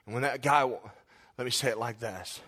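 A man preaching a sermon as pastor, praying aloud with passion and swinging between loud cries and hushed whispers. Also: medium pitch, fairly quick. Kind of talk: sermon with spoken prayer.

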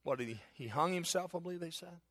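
A man's voice: fairly high pitch, fast, a bit bright. A middle-aged male pastor preaching a sermon, telling a story and laughing at himself.

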